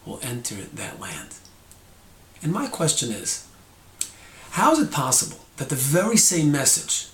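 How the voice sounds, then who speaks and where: A man's voice: on the high side, reverberant. A man teaching a short Torah lesson, explaining and acting out tones of voice.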